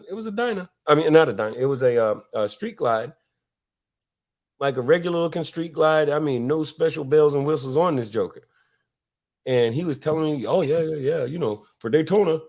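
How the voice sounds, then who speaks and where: The host of a casual Florida podcast tells stories in a mid-range, slightly mellow voice. His talk rambles, breaking into laughs, restarts and frequent fillers.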